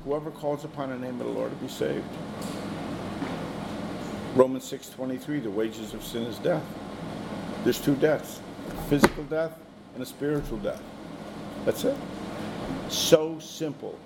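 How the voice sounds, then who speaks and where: A man's voice: medium pitch, unhurried, gravelly, pauses often, heavy background noise. A man teaching a small Bible study group in a conversational way, often putting questions to the people in the room.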